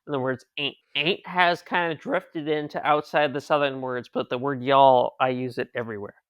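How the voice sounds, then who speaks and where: A man guesting on a casual cartoon review chat, talking in a relaxed, rambling way. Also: mid-range voice, normal speed, clean tone. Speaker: guest co-host.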